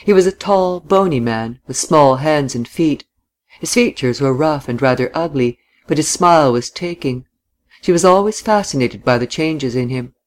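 Measured audiobook narrator. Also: medium pitch. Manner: measured literary reading. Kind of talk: scripted narration.

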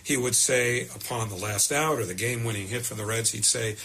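Husky older New broadcaster. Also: male voice, mid-range voice. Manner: measured, animated when quoting himself. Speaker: veteran baseball play-by-play broadcaster. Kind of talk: reflective interview storytelling.

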